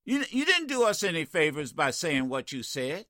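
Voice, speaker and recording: A man's voice: fairly high pitch, very animated, normal speed, sharp tone, no echo, studio quality. An older man hosting a call-in radio talk show, blunt, fiery and profane with callers. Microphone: studio microphone.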